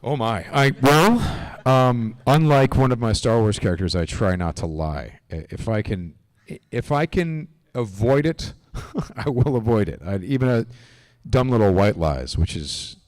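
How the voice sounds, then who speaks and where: A man as a convention panel guest, telling animated, rambling stories with lots of restarts. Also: mid-range voice, measured pace. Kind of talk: casual storytelling on a live panel. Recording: long hall reverb.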